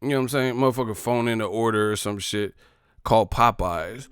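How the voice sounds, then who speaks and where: A man's voice: on the low side, a little fast, a bit bright, clear, resonant tone, dry recording, studio quality. A man ranting in boxing commentary, brash, combative and profane.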